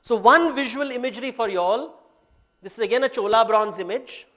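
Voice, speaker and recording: A man with a high voice and an Indian English accent, lecturing at a workshop. He speaks in a storytelling way and often switches into Hindi phrases. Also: a little fast, sharp tone. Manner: mixes Hindi phrases into English, retells myths.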